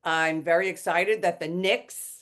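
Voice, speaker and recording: Lively New York actress, lowish voice. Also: female voice, a little slow. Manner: lively theatrical storyteller, playful. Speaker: guest, stage actress. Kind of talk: casual podcast chat.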